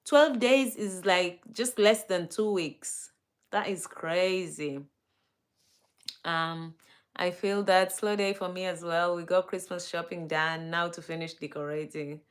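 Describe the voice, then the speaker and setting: A woman's voice: lowish voice, slow pace. A woman hosting a casual live stream, greeting viewers by name and reading their comments aloud.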